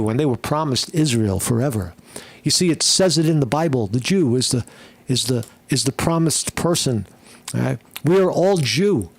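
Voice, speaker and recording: Gravelly man hosting a rambling livestream. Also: medium pitch. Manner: rambling, frequent fillers and restarts, blunt profanity. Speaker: livestream host. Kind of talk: casual opinion livestream.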